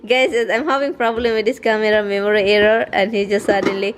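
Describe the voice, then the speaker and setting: A woman's voice: mid-range voice, steady tone, fast talker, few pauses, background noise. A woman with a Filipino accent chatting casually to camera as a vlogger, laughing often while she talks about her husband. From Philippines. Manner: giggly, laughs often while telling stories. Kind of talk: casual vlog chat.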